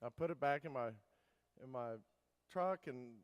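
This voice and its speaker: A man's voice: mid-range voice, moderate pace, clear, resonant tone, dull audio. Rambling man telling a story in a hall. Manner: rambling, many fillers and restarts. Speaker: keynote speaker. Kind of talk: storytelling keynote talk. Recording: long hall reverb.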